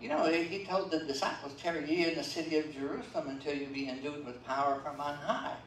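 In a church sanctuary, an older male pastor gives a sermon in a talky style full of fillers and "okay?" prompts, his voice on the high side and fast. There's slight background noise, and the sound is roomy and distant, as from a church livestream.

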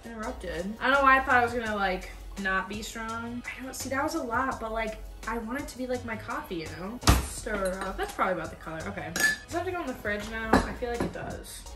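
A woman's voice: a little high, animated, fast talker. A young woman chatting casually and bluntly as she taste-tests food for her vlog. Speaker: vlogger. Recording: echoey room, mic at a distance. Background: faint music.

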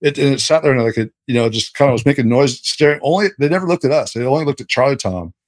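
Brief: mid-pitched man, rambling excited storyteller, dry close mic. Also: quick pace, no echo. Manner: rambling, animated, lots of fillers and restarts. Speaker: guest. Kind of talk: casual storytelling.

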